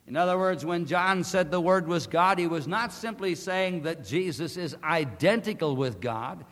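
A man preaching a sermon, emphatic and deliberate, slowing down to stress key words. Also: high-pitched, sharp tone. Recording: long hall reverb.

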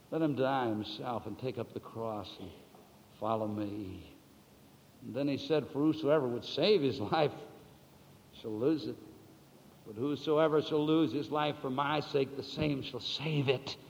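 A man preaching a sermon, swinging between soft, low passages and loud, drawn-out words, and asking the listeners questions he answers himself. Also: slight background noise. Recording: dull, lo-fi sound with long hall reverb.

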